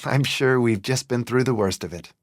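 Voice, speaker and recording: A man voicing a warm, composed woman. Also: medium pitch, normal speed, dry recording, studio quality, natural voice. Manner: warm, reassuring. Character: kind, composed adult woman traveler.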